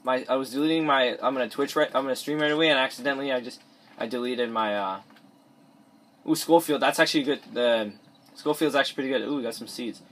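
A man's voice: mid-range voice, fast, a bit bright, slight background noise. A teenage boy rambling through let's play commentary, restarting his sentences often while he plays. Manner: rambling, many restarts, mumbles asides. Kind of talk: gameplay commentary. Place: bedroom at home. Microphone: cheap mic or device mic.

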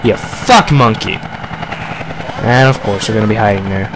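A young man talking through a game in character, swearing and sarcastic with sudden excited outbursts. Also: fairly low pitch, normal speed. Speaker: gamer playing a paranoid character. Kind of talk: in-character gameplay commentary. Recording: game gunfire noise behind voice.

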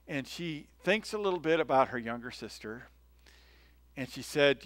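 A male pastor preaching a sermon in a relaxed, conversational way, telling stories and often checking in with his listeners. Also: medium pitch, normal speed, no echo. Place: church.

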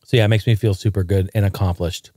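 A man's voice: lowish voice, fairly even intonation, fast, mellow. A man hosting his own podcast, talking casually and earnestly, rambling with fillers and restarts. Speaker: podcast host. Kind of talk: casual solo podcast monologue.

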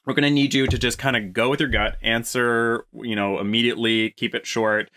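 A man's voice: medium pitch, fairly quick. A man hosting a comedy podcast, joking and chatting playfully with his co-host and guest. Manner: playful, jokey, animated.

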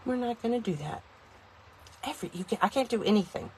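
Talking fast with lively intonation in a fairly high voice, a woman reviews a kitchen gadget from inside her car for a casual vlog. She rambles and jokes at her own expense to viewers, with slight background noise audible.

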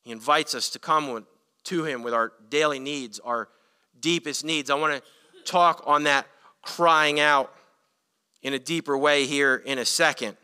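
An earnest male pastor delivers a sermon with emphatic, rising intensity. His voice is bright and sharp, clear and resonant. Long church reverb hangs behind every phrase. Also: fairly high pitch, steady tone, unhurried. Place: church sanctuary.

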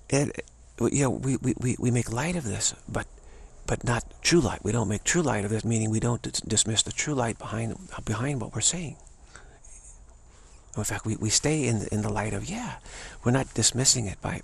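A man giving a rambling, casual spoken talk as a teacher, stammering and restarting often. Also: medium pitch. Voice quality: gravelly, raspy voice. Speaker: spiritual teacher.

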